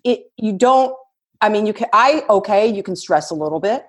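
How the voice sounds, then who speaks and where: A woman in her fifties talks as a guest in a casual podcast chat, telling stories with lots of animation. Her voice sits at an ordinary middle pitch, and she giggles her way through the story. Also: lively intonation, moderate pace, breathy edge. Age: 50s.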